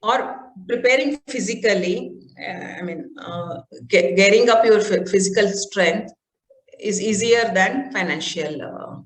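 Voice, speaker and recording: A woman with an Indian English accent speaks as a guest in a podcast interview. She explains things step by step, pausing often on "uh". Her voice carries a noticeable roomy echo. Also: medium pitch. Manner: explains step by step with many "uh" fillers. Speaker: guest, mountaineer and marathon runner.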